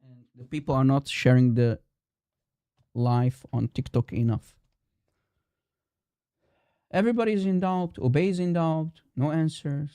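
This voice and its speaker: A man's voice: fairly high pitch, expressive, measured pace, pauses often, warm tone, clean tone, no room sound, clean studio sound. A man hosting a live stream, arguing in a combative, repetitive way and firing challenges at his audience. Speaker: livestream host. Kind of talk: heated live-stream polemic.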